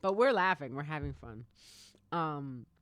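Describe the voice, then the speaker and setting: A woman's voice: low-pitched, animated, measured pace, no room sound. A woman in her thirties, hosting a podcast, tells a story casually, laughing often, swearing freely and acting out other people's lines. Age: 30s. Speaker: podcast host. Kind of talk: casual anecdote telling.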